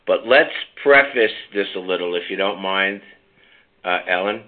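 A man's voice: low voice, normal speed. Brash older man on a phone-like line. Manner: brash, teasing, coaxing listeners. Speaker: host of a call-in health show. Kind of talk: casual call-in talk.

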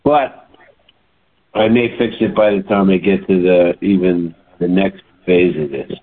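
A man in his late seventies telling a story in a chatty, animated way, as a holistic health practitioner. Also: low-pitched, measured pace. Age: older. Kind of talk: casual monologue. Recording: tinny phone-like sound.

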